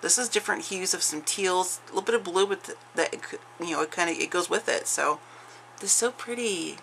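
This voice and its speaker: A woman with a fairly low, gravelly and bright voice talks through a craft unboxing at home. She gushes and restarts her sentences, and her words come out a little slurred from facial numbness. A faint hiss sits behind her. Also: a little fast, rough recording. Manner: chatty, gushing, with frequent restarts. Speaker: craft vlogger. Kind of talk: casual unboxing chat.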